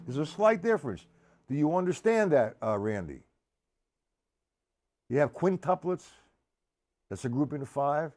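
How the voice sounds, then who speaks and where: A man's voice: a little high, very animated, measured pace, long pauses. A man teaching a live-streamed drum lesson, explaining patiently, calling viewers by name and counting beats aloud. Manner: counts loudly over his own drumming. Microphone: live stream setup. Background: drums playing.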